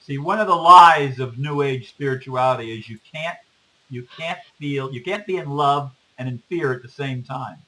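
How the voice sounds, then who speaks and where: Man chiming in, bright tone, thinking out loud, checks he got it. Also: medium pitch, normal speed, low-quality recording. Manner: agreeing, reflective, checks he understood. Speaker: co-host in conversation. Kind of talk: casual conversation.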